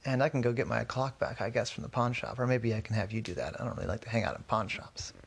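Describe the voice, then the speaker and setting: A man voicing a grateful woman client who speaks softly and appreciatively. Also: medium pitch, steady tone, fast talker, creaky, husky. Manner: soft-spoken, appreciative.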